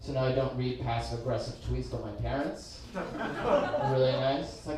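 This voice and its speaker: A man's voice: mid-range voice, moderate pace, a little mellow, slight background noise. A young man in his twenties doing a stand-up set, rambling and self-deprecating, breaking into silly voices. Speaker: stand-up comedian. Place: comedy stage indoors. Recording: very echoey room from far off.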